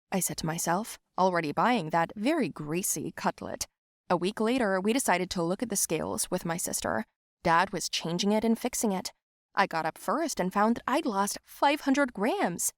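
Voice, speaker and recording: A woman narrating a first-person animated story in an expressive, lively way. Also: mid-range voice, normal speed, dry recording, clean studio sound.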